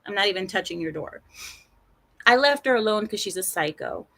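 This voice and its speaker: A young adult woman recounts a personal story straight to her audience in a lively storytime monologue. Her pitch sits in the middle, and she slips into quoted voices whenever the other people speak. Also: a little fast. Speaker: vlogger telling a personal story.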